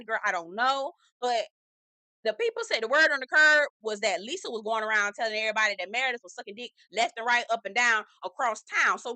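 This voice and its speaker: Sassy woman dishing on reality tv, bright sharp voice, dry close sound, cusses a lot. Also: on the high side, dry recording. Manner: sassy, profane, gossipy; animated, acts out quotes. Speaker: reality TV reviewer. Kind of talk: casual recap vlog.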